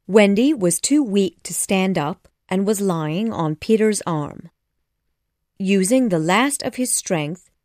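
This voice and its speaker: A woman narrates a storybook with expressive, measured delivery. She reads slowly with a lively, rising and falling pitch, and the recording is close and dry. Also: dry recording. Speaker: audiobook narrator.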